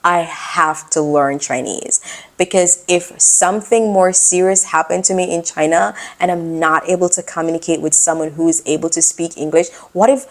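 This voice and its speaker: A young adult woman vlogger telling a personal story in a casual, expressive, animated way. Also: lowish voice, normal speed.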